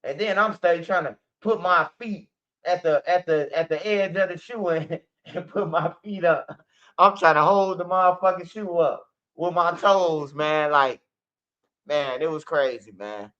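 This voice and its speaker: A man spins a profane street story in his own channel's casual style, acting out the lines of everyone involved. His voice sits high and sounds sharp and forceful. The recording is muffled and lo-fi. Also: unhurried. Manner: animated, profane street storytelling with acted-out quotes. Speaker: channel host. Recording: dull lo-fi recording.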